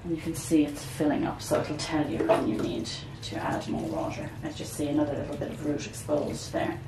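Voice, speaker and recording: Chatty woman, low voice, echoey room. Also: little pitch movement, brisk. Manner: chatty, rambling, often says "guys". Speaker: plant vlogger. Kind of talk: casual chat while repotting plants. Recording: echoey room, distant mic, background noise.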